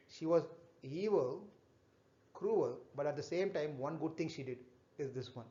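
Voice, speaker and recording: A man teaching a children's class, retelling a scripture story in a halting way, repeating himself and stopping to ask the children questions. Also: fairly high pitch, expressive, dark tone. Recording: echoey, dull room recording.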